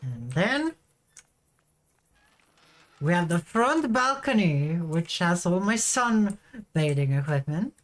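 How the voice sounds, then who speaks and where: A woman's voice: fairly low pitch, very animated, slow pace, pauses often. A woman streaming a video game, chatting casually to her viewers with offhand swearing. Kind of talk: casual gameplay commentary.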